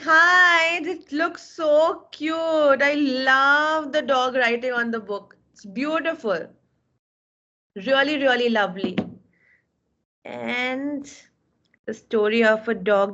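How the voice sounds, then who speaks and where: A woman with an Indian English accent, teaching a live online class and warmly praising her students' work, heard over a video call. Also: a little high. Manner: encouraging, effusive praise, calls out names. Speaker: webinar instructor. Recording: dull lo-fi video call audio.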